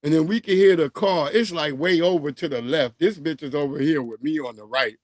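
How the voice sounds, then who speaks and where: A man hosting a livestream, telling stories in a casual, profane, animated and mocking way. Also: a little high, a little fast, dry recording. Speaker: livestream host. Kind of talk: casual storytelling rant.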